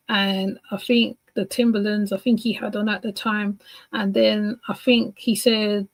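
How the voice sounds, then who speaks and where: A woman's voice: medium pitch, dry recording, rough recording. Chatty woman with a dry close voice. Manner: rambling, chatty, many fillers and restarts. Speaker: commentator reacting to a clip. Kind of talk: casual reaction commentary.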